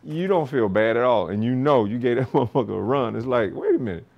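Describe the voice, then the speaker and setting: A man's voice: medium pitch, brisk, vocal fry, lo-fi sound. A man coaching boxing, chatting casually about his students, swearing freely and laughing often. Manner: animated, laughs often, acts out other people's lines; swears freely, loose restarts. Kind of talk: casual storytelling podcast talk.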